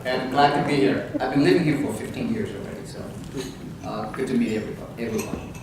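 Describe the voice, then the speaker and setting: A man's voice: medium pitch, fast. A man in the audience introduces himself briefly and politely. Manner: short, polite statements. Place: club meeting hall. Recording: echoey hall, distant mic, background noise.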